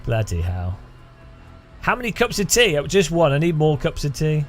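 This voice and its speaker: Soft music plays behind this UK streamer as he races in a sim, rambling and cracking jokes between frequent bursts of laughter. His voice is on the high side, swings hugely in pitch and moves at normal speed.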